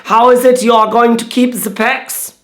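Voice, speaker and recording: A man's voice: extremely high pitch, flat delivery, normal speed, a bit bright, voice pushed up. A man putting on a mock German accent to play an earnest German bag designer who talks stiffly and formally about the gym.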